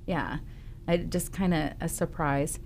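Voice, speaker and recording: Chatty woman radio host, lowish voice. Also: fairly even intonation, unhurried, creaky, a little mellow, a little hiss or hum. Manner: chatty storyteller, frequent ums. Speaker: Christian radio show host. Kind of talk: casual faith talk on radio. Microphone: studio microphone.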